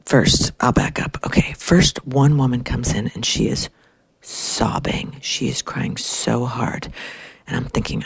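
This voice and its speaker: Husky woman, whispered role-play from a stall. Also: extremely low pitch, expressive, measured pace, dry recording, poor audio. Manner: hushed, breathless gossiping. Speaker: CEO. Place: bathroom stall. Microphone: phone. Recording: dry phone recording.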